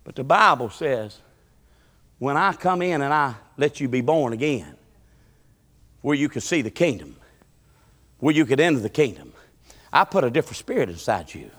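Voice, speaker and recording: A man preaching a sermon in a church, swinging from loud shouts to low, quiet talk. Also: very animated, normal speed, long pauses, big-room sound. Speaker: pastor. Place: church sanctuary.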